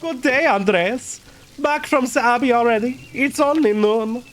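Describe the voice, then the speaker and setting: A man's voice: extremely high pitch, a little slow, a little hiss or hum, voice pushed up. A man doing a courteous German printer. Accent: German (put on). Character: warm middle-aged German printer man.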